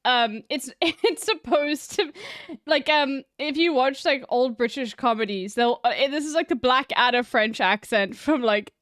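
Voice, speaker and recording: A woman's voice: high-pitched, a little slow, a bit bright, dry recording, studio quality. Rambling woman streamer chatting. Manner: rambling, with many fillers. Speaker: streamer and voice actor. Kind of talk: casual live-stream chat.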